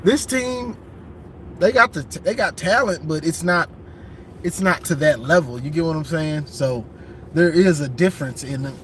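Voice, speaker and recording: High-voiced man talking sports. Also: moderate pace. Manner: emphatic, lively, repeats and restarts phrases. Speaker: sports vlogger. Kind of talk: casual sports talk. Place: in a car while driving. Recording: road noise from a moving car.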